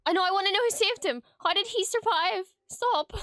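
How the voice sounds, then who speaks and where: A woman hosting a reaction video, gasping, laughing and swearing in excitement as she gushes over what she watches. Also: very high-pitched, moderate pace, no echo. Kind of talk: excited live reaction commentary. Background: faint show soundtrack.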